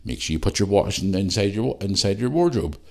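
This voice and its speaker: A man's voice: lowish voice, animated, fast talker, a little mellow. A middle-aged man, hosting a podcast, ranting bluntly and swearing freely in a casual monologue. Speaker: podcast host.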